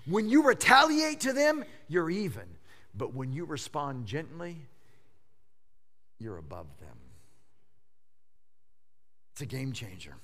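A man in his fifties preaching a sermon, swinging between hushed low moments and loud emphatic outbursts, often stammering and repeating words as he pushes a point. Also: huge pitch swings, takes it slowly, long pauses. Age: 50s. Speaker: pastor.

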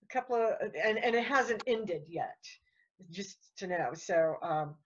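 A woman's voice: mid-range voice, expressive, husky, dull audio. A woman guest telling her story in casual chat, rambling and repeating words. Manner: rambling, repeats words, talks fast when worked up.

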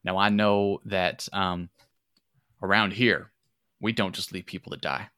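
A man voicing a folksy, gruff old man who talks loudly and drawls. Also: deep voice, unhurried, no room sound, clean studio sound. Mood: earnest.

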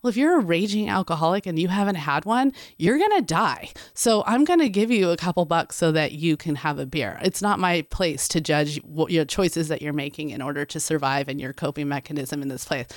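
A woman's voice: sits low, fairly quick, hardly any pauses, dry recording, studio quality. A woman speaking candidly as a guest in casual conversation, acting out what she says to people. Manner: candid, animated, acts out quotes. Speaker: guest, program director.

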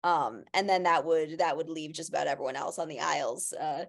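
A woman's voice: low voice, a little fast, creaky. A woman co-hosting a casual podcast chat, talking in a rambling way with many restarts and fillers. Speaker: podcast co-host.

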